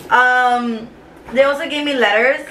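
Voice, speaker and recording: Young woman vlogger, higher voice, rambling emotional chat with lots of fillers, light noise behind. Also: steady tone, unhurried, a bit bright. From Cuba. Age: 20s. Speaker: vlogger, teacher. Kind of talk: casual chat to camera. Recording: faint background noise.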